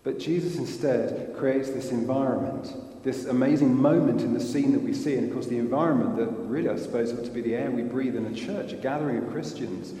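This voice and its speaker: A man's voice: mid-range voice, a little fast, few pauses, dark tone. A man preaching a sermon in an earnest way, asking rhetorical questions of his listeners. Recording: echoey hall.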